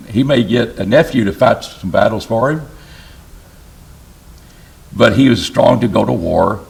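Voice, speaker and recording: A man with a gravelly, rather low voice gives a Bible lesson in church. He speaks slowly and with emphasis, stopping to ask his listeners questions. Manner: slow, emphatic, asks the class questions. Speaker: preacher. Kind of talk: sermon, Bible class teaching. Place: church classroom.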